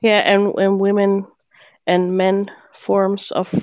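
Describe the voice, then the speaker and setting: A woman with a Dutch accent, a native Dutch speaker, chatting in halting English with giggles and hesitations. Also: medium pitch, monotone, a little mellow, dry recording, lo-fi sound. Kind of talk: casual chat.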